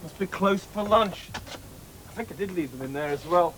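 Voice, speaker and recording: A man's voice: high-pitched, normal speed, a bit bright, slight background noise, rough recording. A man hosting a children's comedy, chatting and coaxing his puppet friends. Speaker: host and puppeteer.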